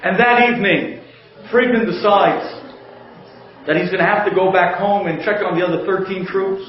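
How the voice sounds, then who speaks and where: A man telling a humorous inspirational story in an animated way, chuckling as he goes. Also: high voice, normal speed. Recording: very echoey, dull lo-fi audio.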